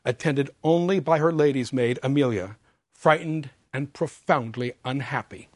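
A man explains an opera scene in a scripted talk, shaping each phrase with expressive emphasis. His voice sits a little high for a man. The sound is close and dry, with no room around it. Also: no room sound. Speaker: opera lecturer.

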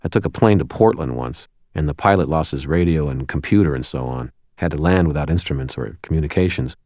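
A deadpan, sardonic wizard detective, voiced by a man reading an audiobook. His voice sits extremely low and his asides come out dry and wry. The sound is close and dry with no room around it. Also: fairly quick, no echo.

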